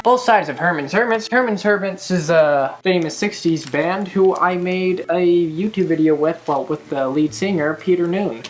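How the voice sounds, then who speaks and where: A woman's voice: sits low, normal speed, hardly any pauses. A young woman vlogging in a casual chatty way, now and then breaking into bits of song. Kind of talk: casual chat.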